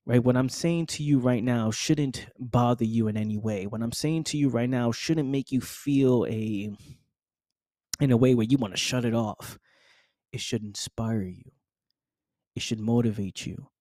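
Addressing the listener as "fam," this male podcast host delivers a preachy, repetitive motivational monologue. He sounds warm and mid-range, unhurried, in a clean studio recording with no echo.

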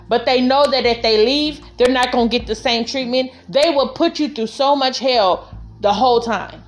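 A woman speaking to the camera in an emphatic, storytelling way, her voice pitched somewhat high. She addresses other women directly with heartfelt, plain-spoken advice. Faint music runs quietly behind her. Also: normal speed. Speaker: vlogger giving relationship advice. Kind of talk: casual heartfelt monologue.

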